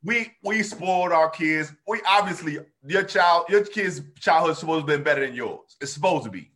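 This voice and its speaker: A man telling childhood stories in a casual chat, slangy and animated, acting out what people said. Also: fairly high pitch, moderate pace. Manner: animated, slangy, acts out quotes.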